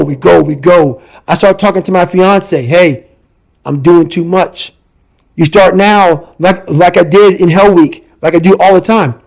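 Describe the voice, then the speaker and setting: A middle-aged man delivers an intense motivational talk as a guest on a podcast, forceful and repetitive in how he drives points home. His voice sits high.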